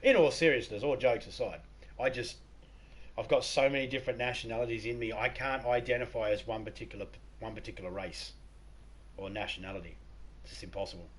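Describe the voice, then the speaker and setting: A man's voice: medium pitch, fairly even intonation, a little fast. An Australian man streaming a game, chatting casually and joking with viewers while reading chat aloud.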